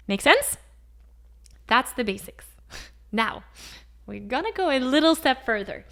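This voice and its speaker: A woman who teaches singing explains vocal anatomy to the camera in an emphatic, animated way, posing rhetorical questions. Her voice is on the high side.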